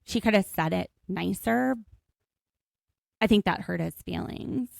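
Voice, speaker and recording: A woman's voice: medium pitch, vocal fry, no echo, clean studio sound. A woman co-hosting a podcast, chatting casually and joking as she recaps a show. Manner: chatty, jokey, quick asides. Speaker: podcast co-host.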